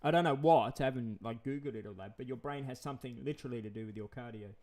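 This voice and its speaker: A man's voice: mid-range voice, fast, a little mellow. A man, chatting in a rambling vlog monologue, repeating himself and chuckling often. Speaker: vlogger.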